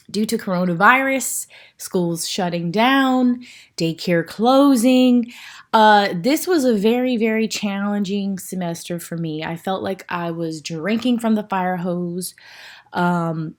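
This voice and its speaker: A young woman giving a casual video update, a little out of breath, chatty and full of fillers. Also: mid-range voice. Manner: chatty, with many fillers and restarts. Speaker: vlogger, working mother in law school.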